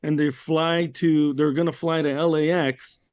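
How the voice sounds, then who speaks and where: A man's voice: a little high, flat delivery, a little slow, a little mellow, clear, resonant tone, dry recording. Laid-back American man, dry close sound. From United States. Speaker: podcast host. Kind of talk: casual chat.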